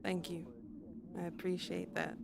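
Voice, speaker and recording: Woman doing voice roleplay, kinda gravelly, soft and teary, lots of noise in the game chat. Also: fairly low pitch, flat delivery, unhurried. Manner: tender, tearful and laughing. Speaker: streamer playing her roleplay character. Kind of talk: in-character voice roleplay.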